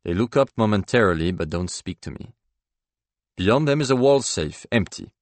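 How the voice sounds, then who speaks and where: Male audiobook narrator, very low voice, dry close sound, measured first-person read. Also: lively intonation, no echo.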